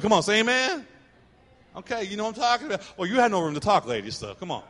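A middle-aged man preaching a sermon as pastor, animated and acting out quoted voices, in a church sanctuary. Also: high voice, quick pace. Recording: long hall reverb.

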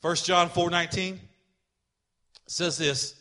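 High, bright-voiced preaching pastor. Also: male voice, steady tone. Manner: preaching with rising emphasis, calls to the congregation; slows down to stress key words. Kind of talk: sermon.

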